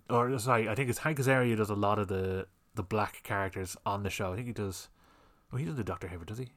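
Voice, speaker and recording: A man's voice: fairly low pitch, a bit bright. A man hosting a solo podcast, ranting fiery and sweary about comedy and censorship. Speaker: podcast host.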